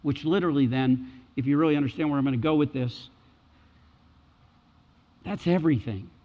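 A man's voice: a little high, brisk, long reverb tail, lo-fi sound. A middle-aged man preaching a sermon, emphatic and repeating key phrases for weight. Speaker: pastor.

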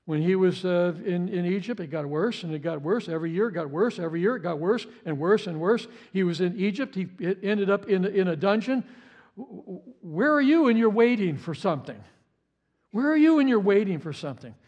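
Male pastor, higher voice, passionate preacher who stammers and repeats. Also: expressive, a little fast, darkish tone, dull audio. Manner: impassioned, repeats words, stammers on restarts. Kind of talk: sermon.

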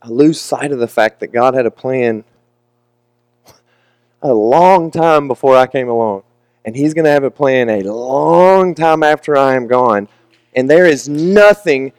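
A man's voice: mid-range voice, darkish tone, no echo. A young man preaching a candid, emotional, confessional sermon with casual asides.

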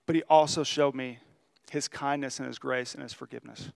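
A pastor giving an earnest, conversational sermon. He tells stories in a confessional way and slows down to stress key lines. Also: mid-range voice, fairly even intonation, vocal fry.

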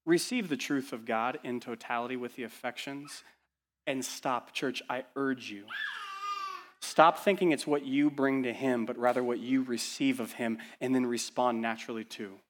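Male pastor, mid pitch, urgent sermon delivery, rhetorical questions, shifts from hushed to loud. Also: moderate pace. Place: church.

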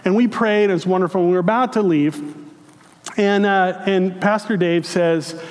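A male pastor preaching a sermon, telling personal stories in a relaxed, conversational way. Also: sits high, normal speed. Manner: conversational storytelling, chuckles at own stories. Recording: long hall reverb.

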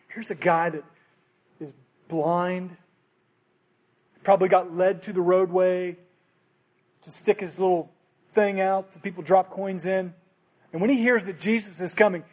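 High-voiced preacher. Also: male voice. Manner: earnest, repeats and restarts phrases. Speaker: pastor. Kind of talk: sermon.

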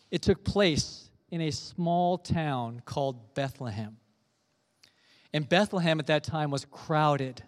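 A pastor giving an earnest sermon, telling a gentle story before turning to scripture. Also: male voice, a little high, long reverb tail.

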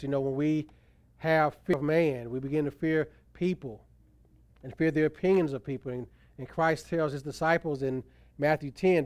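A pastor preaches with emphatic swells, his voice slightly high and smooth. The sound is close and dry, with little room around it. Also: a little mellow, dry recording. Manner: emphatic preaching, voice rising and falling for stress. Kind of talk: sermon.

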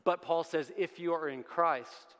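A man's voice: on the high side, a little slow, fairly bright tone. A man preaching a sermon to a congregation, emphatic and building through repeated refrains. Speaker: pastor. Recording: long hall reverb.

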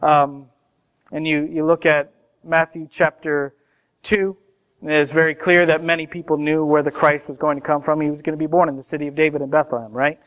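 A man preaching a sermon in a conversational way, getting louder and higher to stress key points. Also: level tone, a little fast. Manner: conversational preaching, rising loud for emphasis. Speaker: pastor.

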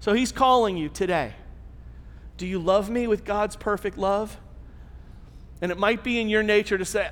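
A man's voice: sits high, moderate pace, long pauses, a bit bright. A man preaching a sermon to his church in a conversational way, with rhetorical questions and emphatic repetition. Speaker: pastor. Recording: long church-hall reverb.

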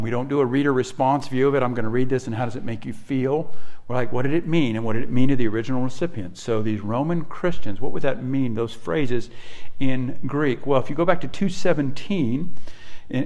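A male pastor preaching a sermon earnestly, often repeating words as he thinks, and rising high and loud to stress a point. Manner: repeats words while thinking, with soft asides.

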